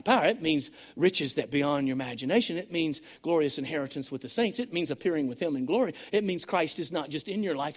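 High-pitched, excitable preacher man. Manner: excitable, swings from shouting to hushed. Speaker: pastor. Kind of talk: sermon.

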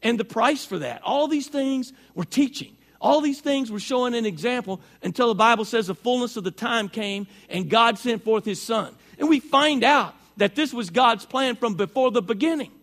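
A man's voice: very high voice, lively intonation, normal speed, hardly any pauses, a bit bright. A middle-aged male pastor preaching a sermon in a folksy, chatty way, his voice strained by allergies and talking back and forth with the congregation.

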